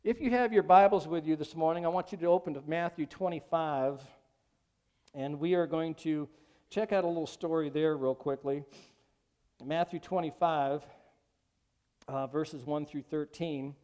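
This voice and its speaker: A man's voice: a little high, moderate pace, a little mellow, smooth. A man preaching a sermon as pastor at a church service, talking conversationally and asking the congregation questions.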